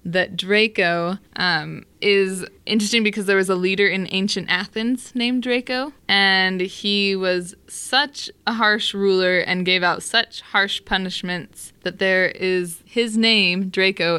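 A young adult woman co-hosting a podcast, chatting casually and explaining word origins slowly and carefully. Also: mid-range voice, fairly even intonation, bright, forceful tone, smooth, dry recording. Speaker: podcast co-host. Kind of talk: casual chat.

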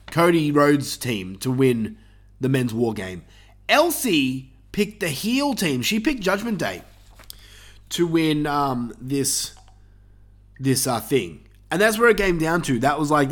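A man's voice: medium pitch, a bit bright. Boastful man gloating like a wrestling promo. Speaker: podcast host. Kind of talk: casual podcast rant.

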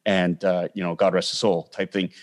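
A man's voice: sits low, moderate pace. Canadian man telling a story. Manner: animated anecdote-telling with acted-out quotes. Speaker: guest actor. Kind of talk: casual storytelling on a podcast.

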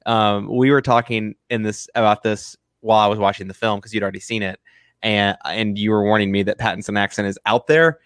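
A man with a fairly low voice talks through his take on a film in a loose, rambling way, stopping and restarting his sentences often. The sound is dry and close, with no room around it. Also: little pitch movement, brisk, fairly bright tone, clear, resonant tone, no room sound. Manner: rambling, many restarts and fillers, laughs often. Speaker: film review podcast co-host. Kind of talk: casual film review chat.

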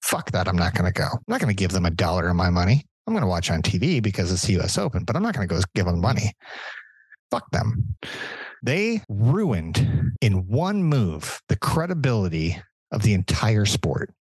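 A man's voice: low voice, moderate pace, slightly rough, no room sound, poor audio. Furious, profane man ranting on a podcast. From Southern California. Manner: angry, profane, animated ranting. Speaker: podcast co-host. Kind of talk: casual podcast rant.

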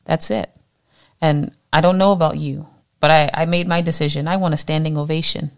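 Low gravelly woman teaching the Bible. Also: a little fast. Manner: animated, acts out voices in quotes.

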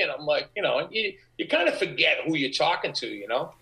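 A middle-aged man, an actor guest, telling animated anecdotes in an interview and acting out the voices of the people in them. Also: a little high, normal speed, low-quality recording. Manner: animated, acts out quoted voices. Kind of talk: anecdotal storytelling.

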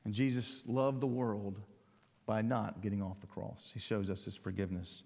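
A man preaching a sermon, emphatic, climbing to loud peaks and then dropping to quiet lines. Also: on the low side, fairly even intonation, moderate pace, vocal fry. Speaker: pastor. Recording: long hall reverb.

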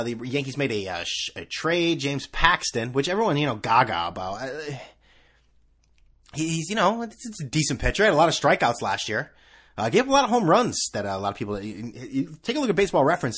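Sarcastic rambling man, lively pitch. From US East Coast. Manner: sarcastic, scattered, swears freely. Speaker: podcast host. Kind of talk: rambling solo sports podcast.

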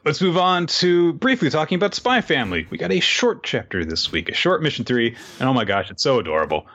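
A man co-hosting a casual chat, laughing often and acting out characters in high voices. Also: sing-song, brisk, fairly bright tone, highs cut off. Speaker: podcast co-host. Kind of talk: casual chat recapping manga.

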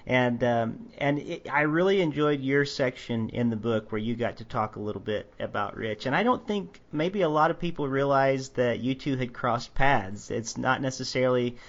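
A man's voice: mid-range voice, normal speed, few pauses. A man hosting a podcast, asking long rambling questions in an easygoing, joking way. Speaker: podcast host. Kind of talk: interview questions. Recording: dull lo-fi audio.

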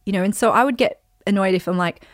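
A woman's voice: mid-range voice, fast, no echo. Chatty woman telling a story, dry sound. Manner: chatty, rambling, many "like" and "you know" fillers. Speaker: podcast host and speaker. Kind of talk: casual storytelling monologue.

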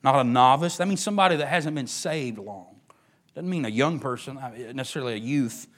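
A man's voice: mid-range voice, fairly quick. Emphatic preacher man. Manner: emphatic preaching with sudden drops to a near whisper. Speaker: pastor. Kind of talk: sermon.

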